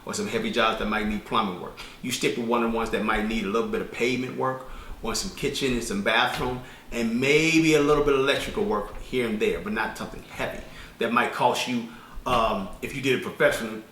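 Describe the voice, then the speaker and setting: A man teaching an informal spoken lesson as a business credit instructor, talking fast and colloquially, rambling with restarts. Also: mid-range voice, fairly even intonation, a bit bright, slight background noise. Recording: echoey room, distant mic.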